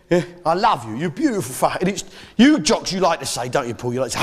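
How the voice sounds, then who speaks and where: Brash comic ranting on stage. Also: male voice, on the high side, sing-song, fast talker, soft background music. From Britain. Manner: brash, blustering patriotic rant. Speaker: stand-up comedian. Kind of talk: stand-up comedy. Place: live comedy venue. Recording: live audience laughter and noise.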